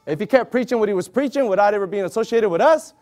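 A man preaching an animated sermon, exclaiming loudly and acting out the voices of the people in his stories. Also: high voice, racing. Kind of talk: animated sermon with acted-out scenes.

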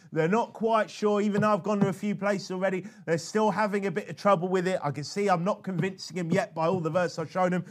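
A man explaining how he shares his faith, in a chatty, animated way that keeps breaking off and starting again. His voice sits a little higher than most men's. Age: adult father. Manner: animated and chatty, with frequent restarts. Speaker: preacher teaching soul-winning. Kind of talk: conversational teaching talk.

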